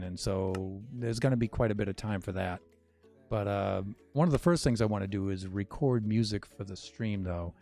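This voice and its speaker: A man's voice: fairly low pitch, warm tone. An older man streaming a game, chatting in a rambling, wry way with self-mocking asides. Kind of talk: casual gameplay chat.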